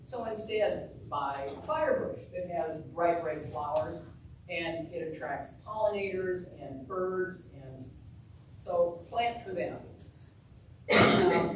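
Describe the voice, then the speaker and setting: A woman giving chatty, rambling announcements at a club meeting, with many fillers. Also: on the low side. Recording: echoey room, far from mic, noisy.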